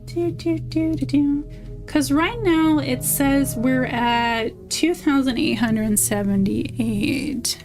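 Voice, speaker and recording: A woman's voice: high-pitched, slow. A young woman streaming, chatting casually, swearing freely and reading chat aloud. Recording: faint music behind.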